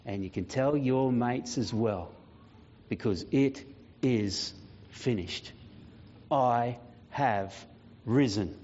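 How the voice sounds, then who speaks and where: A man voicing a risen divine saviour who defiantly answers Death in a dramatic sermon monologue, proclaiming slowly and solemnly. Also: mid-range voice, voice pushed down. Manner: slow, solemn proclaiming with long pauses, growing quieter and weightier. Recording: dull lo-fi sound.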